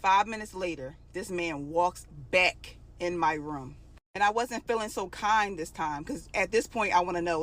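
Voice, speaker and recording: A woman's voice: fairly low pitch, moderate pace, fairly bright tone. A young adult woman telling a personal story in a casual, emotional, conversational way.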